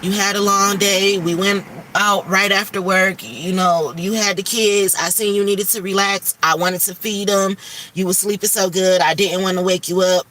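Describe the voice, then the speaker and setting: A woman's voice: medium pitch, fairly even intonation, moderate pace, a bit bright, recorded from a distance, close to an everyday voice, rough recording. A woman doing a hurt, pleading boyfriend. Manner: pleading, defensive. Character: kind, bewildered boyfriend, feeling wrongly blamed.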